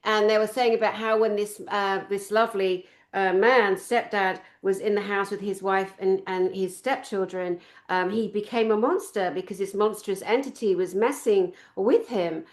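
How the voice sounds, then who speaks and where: A woman's voice: medium pitch, fairly even intonation, normal speed, few pauses, echoey room. A woman hosting a casual chat, outspoken and blunt with her opinions. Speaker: podcast host.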